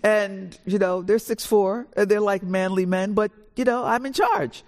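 A woman spins an anecdote on a stage in front of a live audience, her voice leaping up and down as she acts out each exchange. She talks like a natural storyteller, forceful and animated, always in charge of the tale. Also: a little slow. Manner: lively, acts out dialogue with big pitch swings. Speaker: author and panel guest.

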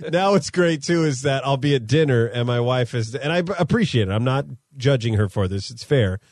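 A man co-hosting a casual podcast in a small studio, a loud, excitable storyteller who laughs often, on a studio mic. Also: mid-range voice, fairly quick, dry recording. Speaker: podcast co-host. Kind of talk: casual chat. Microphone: studio mic through compressors.

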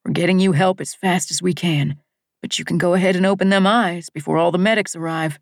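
A woman voicing a gentle fatherly boat rescuer. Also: on the low side, fairly even intonation, fairly quick, no echo, studio quality, lightly acted. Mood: gentle coaxing. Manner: gentle, drawling, coaxing. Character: kind middle-aged male boat rescuer, fatherly. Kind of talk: audiobook character voice.

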